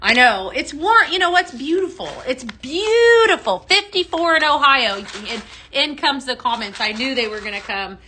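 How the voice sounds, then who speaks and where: A woman's voice: high-pitched, lively intonation, moderate pace, few pauses, pushed and bright, a little hiss or hum. Bubbly Texan woman live-streaming from her phone. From Texas. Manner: bubbly and chatty, greets viewers by name, laughs often. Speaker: live-stream host mixing fragrances. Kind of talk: casual live-stream chat.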